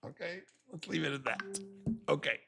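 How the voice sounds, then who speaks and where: Faint music plays behind a rabbi telling a sermon parable at normal speed. His fairly high voice is creaky, and he animatedly acts out the characters as the story unfolds.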